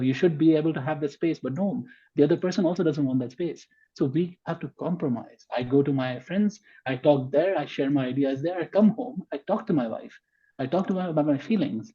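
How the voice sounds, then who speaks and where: A man's voice: fairly high pitch, a little fast, mellow, slightly rough, lo-fi sound. A man as a podcast guest in a conversational discussion, emphatic and arguing point by point.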